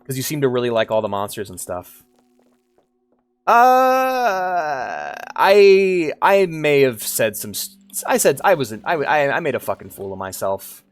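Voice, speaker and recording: A man's voice: medium pitch, very animated, unhurried, dry recording. A man streaming a game, chatting casually in a rambling, sheepish way and swearing often. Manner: rambling, sheepish, swears a lot, many restarts. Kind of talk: casual stream chat while gaming.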